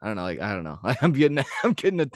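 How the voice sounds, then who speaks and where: A man ranting with plenty of swearing, in casual sports podcast chat. His voice sits at an ordinary middle pitch. It is close-miked and dry, with no room sound. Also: huge pitch swings, rapid-fire, dry recording. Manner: profane, ranting, laughs at own jokes. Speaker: podcast co-host.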